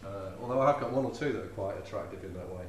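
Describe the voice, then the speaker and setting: A man's voice: on the low side, rapid-fire, recorded from a distance, slight background noise. A man, performing comic poetry live with a rhythmic, playful delivery. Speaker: poet. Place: live venue before an audience. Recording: echoey room with faint ambience.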